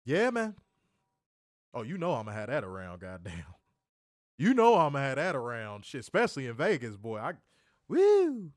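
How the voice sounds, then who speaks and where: A man co-hosting a casual livestream, loud and joking. He swears freely, laughs often and swings from shouts down to mutters. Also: medium pitch, sing-song, a little fast, dry recording, clean studio sound. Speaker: livestream co-host.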